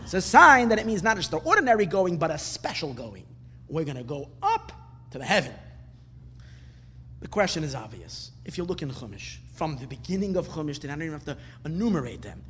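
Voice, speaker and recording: A man's voice: fairly high pitch, big pitch swings, a little fast, sharp tone, slight background noise. A man teaching a Torah class, asking questions and rising into emphatic bursts. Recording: hall reverb with faint ambience.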